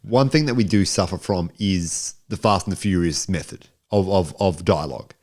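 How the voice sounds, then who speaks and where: Deep-voiced man joking about a movie. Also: normal speed, darkish tone. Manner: laid-back, joking, facetious. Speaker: podcast co-host. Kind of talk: casual movie review chat.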